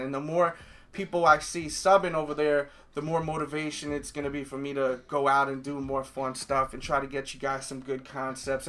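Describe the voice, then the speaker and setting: Upbeat male vlogger, slightly high, very bright and forceful tone, chatty channel plug. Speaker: sneaker vlogger promoting his channel. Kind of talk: casual direct-to-camera pitch.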